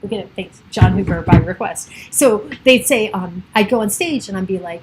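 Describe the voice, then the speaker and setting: A woman's voice: mid-range voice, moderate pace, hardly any pauses, a little hiss or hum, poor audio. A middle-aged woman hosting a casual livestream, chatting and laughing often as she greets viewers by name. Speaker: livestream host.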